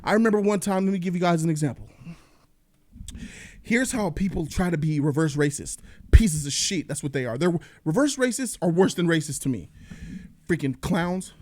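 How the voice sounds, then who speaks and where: A man's voice: fairly high pitch, normal speed. A man hosting a comedic movie review, ranting profanely and acting out the people in his stories. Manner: animated, profane, acts out quotes. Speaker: host.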